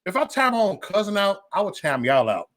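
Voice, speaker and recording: A man hosting a casual livestream, with a slightly high voice that swings up and down constantly. He jokes loudly, swears freely and laughs often as he banters with his viewers. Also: big pitch swings, fairly quick. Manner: loud, joking, profane banter with frequent laughs. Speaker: live stream host.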